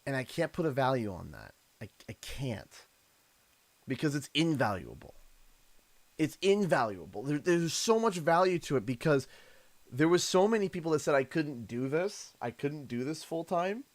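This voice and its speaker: A fairly high-pitched man from Canada talks casually to his live-stream chat. He gushes and stammers, repeating words as he goes. The sound is close and dry. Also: big pitch swings, normal speed, no room sound. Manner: emotional and effusive, stammers and repeats himself.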